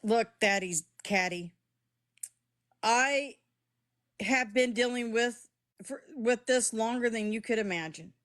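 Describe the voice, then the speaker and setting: A woman's voice: fairly high pitch, takes it slowly, pauses often, a bit bright. A middle-aged woman live streaming from her phone, talking straight to her chat in a heated, defensive way and swearing as she goes.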